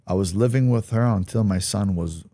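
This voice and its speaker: A man with a low, deep voice tells a candid personal story as a podcast guest. He talks frankly and swears now and then. The recording is dry and close, with no room sound. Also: moderate pace, mellow, dry recording. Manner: frank, profane, acts out quoted voices.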